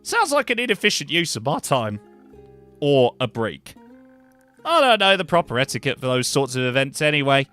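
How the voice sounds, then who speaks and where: A man voicing a weary, polite woman mage and potion brewer in a higher put-on voice with a questionable accent, chatty and dry. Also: sing-song, normal speed, pushed and bright, faint music behind. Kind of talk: voicing characters in a cozy narrative game.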